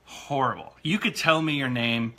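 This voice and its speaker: A man's voice: on the high side, lively intonation, normal speed, sharp tone, slightly rough. A man co-hosting a casual talk show about marriage, self-deprecating and laughing often. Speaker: co-host and producer. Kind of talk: casual chat.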